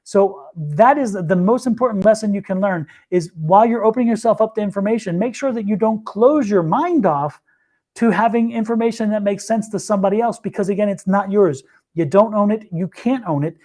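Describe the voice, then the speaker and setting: A man's voice: sits high, a little fast, a little mellow. A man reading tarot on a livestream, telling stories earnestly and often repeating himself mid-thought. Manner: earnest storyteller, repeats and restarts phrases. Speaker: tarot reader, co-host.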